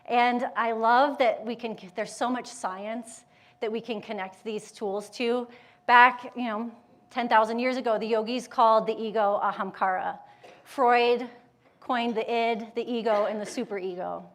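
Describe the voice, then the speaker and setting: A woman giving a live motivational talk to an audience, lively and conversational, asking the room questions and briefly acting out inner voices. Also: on the high side. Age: adult with school-age children. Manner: animated, acts out inner voices with quick quotes. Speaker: motivational speaker and yoga educator.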